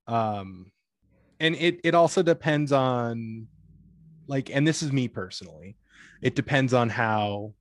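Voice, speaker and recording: A man's voice: mid-range voice, lively intonation, measured pace, dry recording, studio quality. A young man talking in a casual chat, rambling with lots of filler words and free swearing. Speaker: guest.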